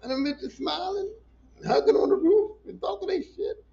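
A man hosting a casual solo podcast, telling stories in an animated, profane, emotional way. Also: extremely high pitch, moderate pace, gravelly, highs cut off, a little hiss or hum. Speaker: podcast host.

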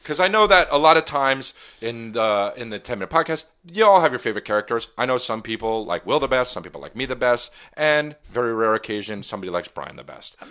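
A man's voice: mid-range voice, sing-song, quick pace, hardly any pauses, pushed and bright, clean tone. A man in his thirties from New Jersey, co-hosting a comedy podcast, bossy and mock-indignant as he shushes the others. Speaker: podcast co-host.

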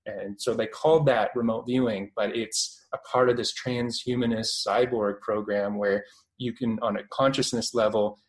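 A man's voice: on the low side, steady tone, normal speed, low-quality recording. A man in his twenties with a Canadian accent, a guest on a radio interview, talking through his experiences with lots of fillers and restarts. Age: 20s. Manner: hesitant, many fillers and restarts.

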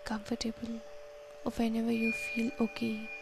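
A woman leading a guided meditation, counting breaths and giving slow, soft, calm instructions. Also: on the high side, creaky, background noise.

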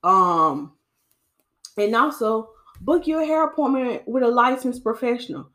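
A woman hairstylist hosting a podcast, giving casual hair-care advice in a preachy, animated way and calling listeners sis. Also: on the high side, unhurried.

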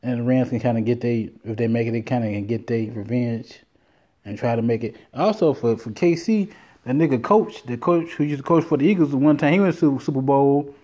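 A man with a mellow, relaxed voice talks alone on his podcast. He rambles from topic to topic, swears freely and tells stories with lively energy. His pitch sits in an ordinary middle range for a man. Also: fairly quick. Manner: profane, rambling, animated storytelling. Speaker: podcast host. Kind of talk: casual solo podcast rant.

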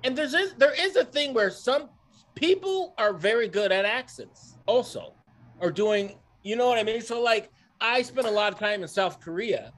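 A man's voice: high-pitched, lively intonation, moderate pace, a bit bright. A man talking in casual podcast chat, swearing and circling around his points. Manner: swearing, rambling, restarts sentences.

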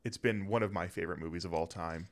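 A man's voice: deep voice, fast talker. Enthusiastic young man chatting casually. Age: young adult. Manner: enthusiastic, repeats words when starting sentences. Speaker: podcast co-host. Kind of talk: casual chat.

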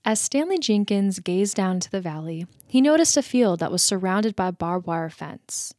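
A woman's voice: mid-range voice, expressive, moderate pace, a little mellow, dry recording. An American woman with a mid-range voice co-hosts a podcast, bantering playfully and reading creepy stories. The sound is close and dry. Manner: laughs easily, playful. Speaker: podcast co-host. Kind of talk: casual chat and story reading.

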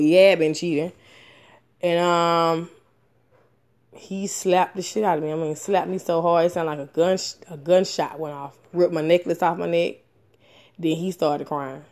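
Frank, profane woman telling her story. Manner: frank and profane, with many fillers and restarts; animated, with sudden rises in pitch and loudness. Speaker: storyteller sharing a personal experience. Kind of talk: candid personal storytelling.

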